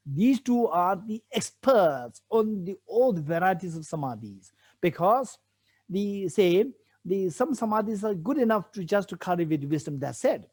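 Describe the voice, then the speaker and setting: A high-pitched, husky, somewhat mellow male voice delivers a patient Buddhist teaching on a sutra commentary. He keeps repeating key phrases and asking rhetorical questions.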